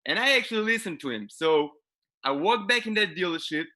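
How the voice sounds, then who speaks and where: Man with an Israeli accent, deadpan stand-up comedian, bright tense voice, fairly high pitch, video call. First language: Hebrew. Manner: deadpan delivery, halting English.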